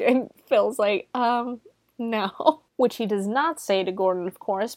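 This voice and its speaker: A woman's voice: medium pitch, no room sound, clean studio sound. Chatty woman recapping a movie. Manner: chatty, profane, laughs while retelling scenes. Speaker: movie reviewer.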